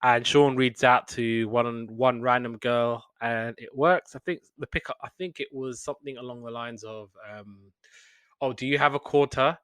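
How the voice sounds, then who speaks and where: A young man who hosts a podcast reviewing TV shows casually recaps a sitcom episode, rambling with lots of fillers and quick laughs. His voice sits in the mid-range, steady, a bit bright, clear and resonant, with no room sound.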